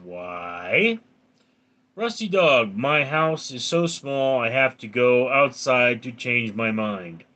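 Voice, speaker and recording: A man's voice: medium pitch, lively intonation, slow, pushed and bright. Round-voiced man chatting on a live stream. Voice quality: round, resonant voice. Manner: reads viewer comments aloud and answers them. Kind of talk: casual live-stream chat.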